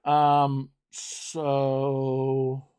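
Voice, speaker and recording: A man's voice: medium pitch, completely flat delivery, drawn-out words, warm tone, smooth, dry recording. A man streaming a game live, commenting casually and wryly while thinking aloud and swearing now and then.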